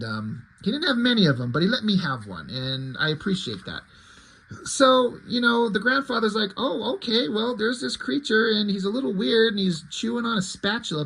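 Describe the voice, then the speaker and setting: A man with a fairly high voice and a husky, slightly breathy tone talks about an old comic. His commentary is chatty and rambling, with casual swearing. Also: sharp tone, rough recording. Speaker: comic book reviewer.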